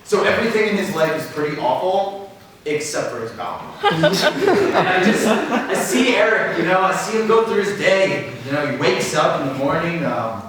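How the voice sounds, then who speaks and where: A man's voice: high voice, big pitch swings, normal speed, crowd noise. A young man doing a stand-up comedy set on a black-box theater stage, rambling and offhand, with lots of fillers. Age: young adult. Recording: echoey stage audio from a distant mic.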